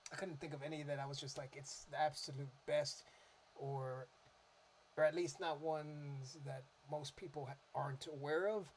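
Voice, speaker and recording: A man's voice: on the high side, a little hiss or hum. Chatty man rambling into a mic. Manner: rambling, relaxed, many fillers and restarts. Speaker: music vlogger. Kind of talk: casual chat about favourite cover songs. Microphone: desktop microphone.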